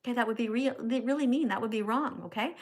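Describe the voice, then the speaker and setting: Preachy woman livestreamer, slightly high voice. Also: fast. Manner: scolding, preachy, tags lines with "okay?". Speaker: livestream host. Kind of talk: casual livestream chat and lecturing.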